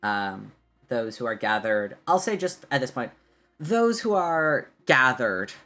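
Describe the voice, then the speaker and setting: A man's voice: medium pitch, very animated, slow pace, sharp tone. Casual man running a tabletop game. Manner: casual, many fillers, laughing narration. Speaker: game master.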